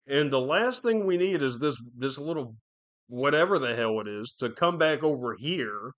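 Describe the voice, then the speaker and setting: A man's voice: mid-range voice, expressive, moderate pace, a bit bright. A man hosting a podcast alone, rambling through casual commentary with constant swearing and fillers. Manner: profane, rambling, lots of fillers. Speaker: podcast host.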